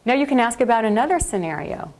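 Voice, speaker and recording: A woman leading a workshop, guiding a group through a meditation in a slow, calm and soothing way. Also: a little high. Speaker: workshop leader. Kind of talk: guided meditation. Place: classroom or workshop.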